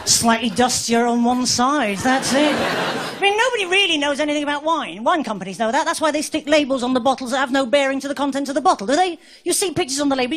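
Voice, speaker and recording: A woman's voice: high-pitched, animated, fast. An English woman in her forties doing a stand-up comedy routine, chatty and wry, talking straight to the audience from the stage. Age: 40s. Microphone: stage microphone. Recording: live club recording with loud crowd. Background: loud audience laughter and crowd noise.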